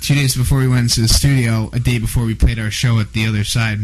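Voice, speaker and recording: A man's voice: medium pitch, steady tone, fast, low-quality recording. A man in a casual interview chat, talking in loose, rambling sentences with frequent restarts and casual swearing. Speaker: band member, guest.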